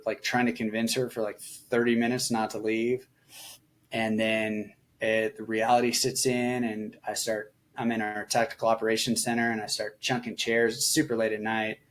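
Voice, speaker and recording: A middle-aged man, a veteran guest on a podcast, telling personal stories candidly and reflectively, with lots of filler words and small voice shifts when he quotes people. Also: lowish voice. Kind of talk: personal storytelling in a casual conversation.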